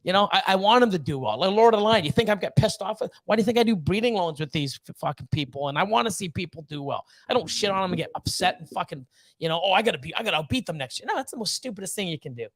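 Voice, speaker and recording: Man, high voice, blunt, swearing a lot, fired-up livestream rant. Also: lively intonation, fast talker. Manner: blunt, profane, fired-up motivational ranting. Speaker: snake breeder hosting a livestream.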